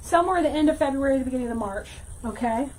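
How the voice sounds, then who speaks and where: Chatty high-voiced woman teaching wreaths. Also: expressive, fast talker, low-quality recording. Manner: chatty, reads viewer comments aloud, thinks out loud while working. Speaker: wreath-making teacher and livestream host. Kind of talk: casual livestream craft tutorial.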